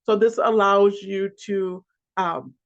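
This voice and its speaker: Speaking in a steady, medium-pitched voice, a financial coach lectures a class, haltingly covering a list of points and often restarting or repeating words. The recording is lo-fi and dull.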